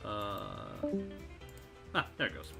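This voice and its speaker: A man streaming a kart racing game, chatting casually with an animated, rambling manner full of restarts. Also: on the low side, slow, vocal fry. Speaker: streamer and voice actor. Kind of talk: casual chat while gaming. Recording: game music playing behind.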